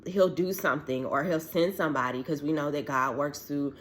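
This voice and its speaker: A woman's voice: low-pitched, fairly even intonation, fairly quick. A woman telling a personal faith testimony in a casual, chatty way, earnest and heartfelt, acting out the dialogue she quotes. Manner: chatty, filler-heavy, acts out quoted dialogue. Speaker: widowed mother sharing a faith testimony.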